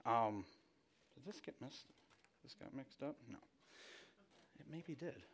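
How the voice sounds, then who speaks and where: Taking his time, a man preaches in a mid-range voice, telling family anecdotes in a laid-back, conversational way. Restarts are frequent, as are self-mocking asides.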